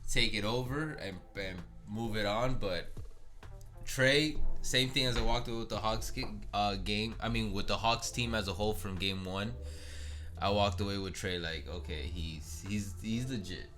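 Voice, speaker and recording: A man with a low but bright, forceful voice co-hosts a casual sports podcast. He talks earnestly and breaks things down analytically, hedging and rephrasing as he goes. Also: normal speed, soft background music. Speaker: podcast co-host.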